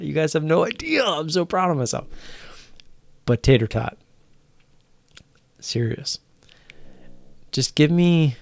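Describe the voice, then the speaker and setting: A man's voice: mid-range voice, vocal fry, a little mellow, dry recording. A young man, drunk, hosting a late-night live stream and teasing his chat viewers in a rambling way.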